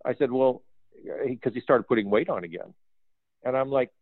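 A man working as a film art director, telling lively behind-the-scenes stories in a casual interview, acting out quoted dialogue and laughing often. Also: mid-range voice, normal speed, no room sound. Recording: phone-like dry audio.

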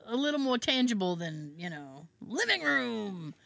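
A woman's voice: fairly high pitch, sing-song, normal speed, creaky, a bit bright. A woman co-hosting a podcast from her basement, chatting casually, playful and sarcastic, laughing often. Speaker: podcast co-host. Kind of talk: casual chat.

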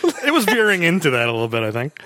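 A man's voice: on the high side, fast, dry recording. Chatty man with a dry voice. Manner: relaxed, chatty, acts out quotes. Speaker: podcast co-host. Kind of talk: casual film discussion.

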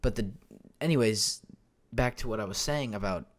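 Young male solo podcast host, lowish voice, loose and rambling, lots of ums and restarts, desk mic at home. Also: moderate pace. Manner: rambling, many fillers and self-corrections. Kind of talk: casual solo podcast chat. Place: home room. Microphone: desk microphone.

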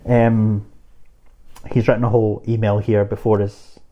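A man's voice: on the low side, flat delivery, lo-fi sound. A man co-hosting a casual chat, joking and laughing as he reads out listener emails. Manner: laughing, joking, quick asides. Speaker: podcast co-host.

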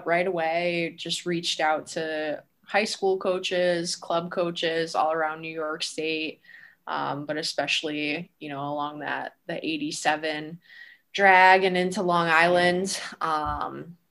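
A woman college coach answering interview questions in a relaxed, thoughtful way, with frequent ums. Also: deep voice.

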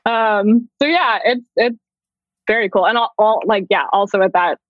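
A talkative woman guest rambles in a casual interview, tossing in "like" constantly. Her voice sits at a middle pitch and sounds muffled and lo-fi with no room echo. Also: normal speed. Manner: chatty, heavy use of "like", self-conscious. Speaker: author and entertainment journalist. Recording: dull lo-fi dry sound.

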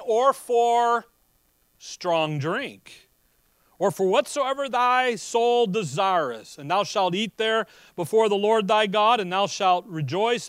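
A man preaching a sermon, reading scripture and explaining it in a folksy, animated way. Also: high voice, smooth, no room sound, studio quality.

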